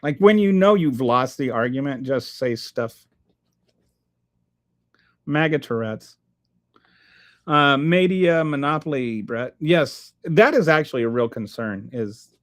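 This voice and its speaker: A man hosting a political livestream, talking sarcastically and rambling with restarts as he answers his chat. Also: medium pitch. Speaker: livestream host reading chat.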